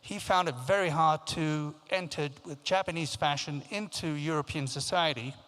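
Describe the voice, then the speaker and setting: A man in his fifties tells his life story at a conference, animated and anecdotal, slipping into the voices of the people he quotes. His voice sits a little high. The sound carries a long reverb from a large hall. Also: moderate pace. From Africa, raised in England. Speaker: keynote speaker. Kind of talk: storytelling talk.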